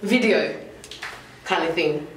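A woman's voice: lowish voice, slow, reverberant, slight background noise, low-quality recording. A woman from London chatting and laughing in a casual vlog, teasing her friend. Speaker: vlogger and salon host.

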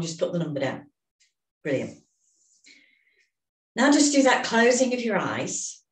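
A woman leading a guided emotional tapping session, giving calm step-by-step instructions and phrases to repeat. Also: on the low side. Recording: echoey room, distant mic.

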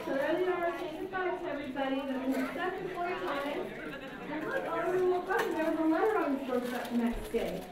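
A woman reading a storybook aloud to children and leading them in movement games, expressive and coaxing. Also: very high voice, brisk. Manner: expressive, coaxing, acts out voices. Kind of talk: animated storybook reading and kids' activity. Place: indoor library room. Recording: very echoey room, mic far off. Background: crowd of children.

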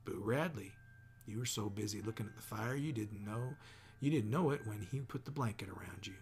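A reader voicing a calm, steady father who talks in a measured, gentle way. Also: medium pitch, natural voice.

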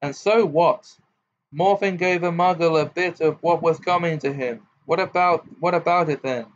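A man's voice: fairly high pitch, normal speed, pitched above the performer's own voice, natural voice. A man voicing a furious, scornful old wizard father who bellows and jeers in a muffled home recording. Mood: jeering. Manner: bellowing, jeering, snarling.

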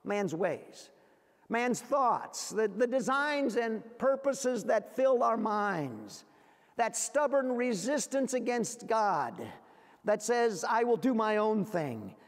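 A male pastor with a fairly high voice delivers an earnest sermon, restarting phrases and repeating words as he thinks. When he quotes scripture his voice sinks low and soft. The sound rings with the long reverb of a church sanctuary. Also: sing-song, slow.

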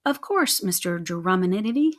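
A woman doing a squeaky cheeky little mouse boy. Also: expressive, fairly quick, lightly acted. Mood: squeaky teasing. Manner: squeaky, teasing.

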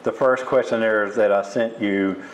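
A man's voice: lowish voice, steady tone, unhurried, dull audio. Older American man, rambling host. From United States. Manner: rambling, friendly, repeats himself. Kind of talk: casual interview. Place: insurance agency office.

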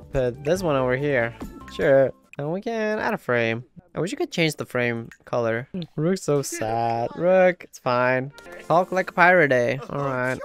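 A streamer narrates a life-simulation session in a relaxed, conversational way, thinking aloud and addressing the characters on screen. The voice is smooth and clear, sitting at a middle pitch. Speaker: game streamer. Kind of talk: casual gameplay commentary.

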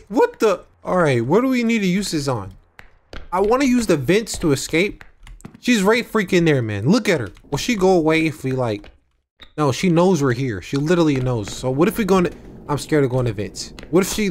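A young man playing a horror game and commenting, jumpy and excitable, yelling when startled. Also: on the high side, normal speed. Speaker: gaming channel host.

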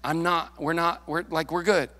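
A male pastor preaching a sermon, lively and playful, acting out the people in the story. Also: on the high side, normal speed. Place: church sanctuary. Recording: long hall reverb.

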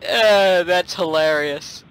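Man, excitable let's-play co-host, high lively voice, laughs a lot, bright tone. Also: takes it slowly, smooth. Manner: giggly, excitable, laughs often. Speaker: gamer, co-host. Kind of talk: casual let's play chat.

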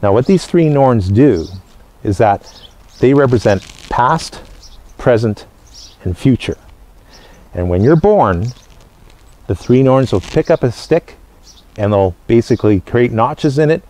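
A man presenting living history, teaching in a casual educational talk and explaining steadily in short, paused phrases. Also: medium pitch, lively intonation, mellow.

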